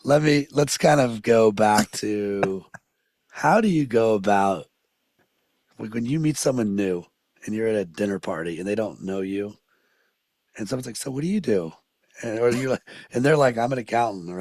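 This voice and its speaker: Low-voiced podcast host, dry sound. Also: male voice, moderate pace, a little mellow, dry recording. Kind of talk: casual conversational interview.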